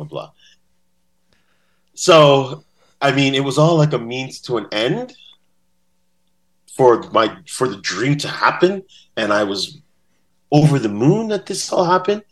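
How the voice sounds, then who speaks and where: A man telling stories as a podcast guest in a casual interview. He acts out quotes in different voices. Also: fairly low pitch. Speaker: podcast guest, bass-playing fan.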